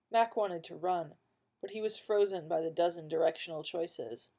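A woman narrates an audiobook at a measured pace. Her voice is slightly low, with a warm, mellow tone. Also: lively intonation, creaky, slightly rough.

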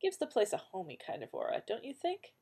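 A woman reading the part of a calm, wry male companion in an audiobook, speaking in a dry, teasing and firm way. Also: on the high side, a little fast, slightly rough, pitched above the performer's own voice, heavily acted.

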